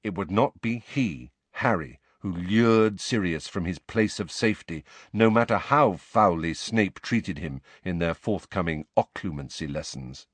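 A man reading a storybook aloud as narrator, with expressive, varied delivery. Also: sits low, unhurried, hardly any pauses, breathy edge, no room sound. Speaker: audiobook narrator.

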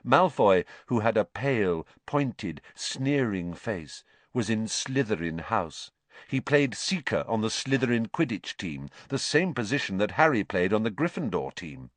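A man narrating an audiobook in a measured, expressive way. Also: sits low, no room sound.

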